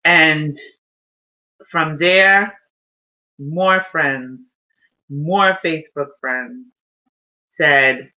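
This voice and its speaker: Slow, heartfelt woman on lo-fi stream. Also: deep voice, sharp tone. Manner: emotional, heartfelt storytelling. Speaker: live-stream host. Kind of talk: casual personal live stream. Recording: dull lo-fi stream audio.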